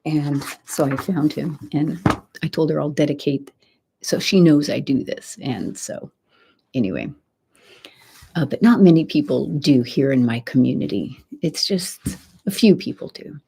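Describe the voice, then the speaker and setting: A middle-aged woman hosting a soft-spoken ASMR live chat close to the mic, rambling as she slips between whispers and a quiet voice. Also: sits low, a little slow, gravelly, a little hiss or hum. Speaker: ASMR channel host.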